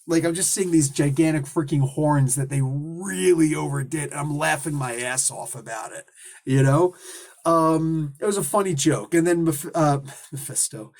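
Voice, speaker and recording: A man talking casually about a comic book, rambling and animated, often stopping himself and slipping into quick put-on voices. His voice sits a little higher than most men's. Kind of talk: casual solo review monologue.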